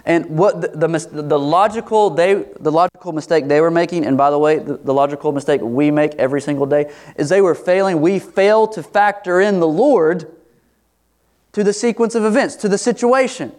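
Animated preacher, fairly high voice. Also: male voice, moderate pace. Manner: animated, acts out quoted voices with rising pitch. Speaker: pastor. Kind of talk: expository sermon.

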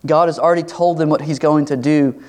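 A pastor delivers an expository sermon, working through a scripture passage at a fairly quick clip. His voice is a touch high for a man, and when he acts out a quote he jumps into animated, higher-pitched voices.

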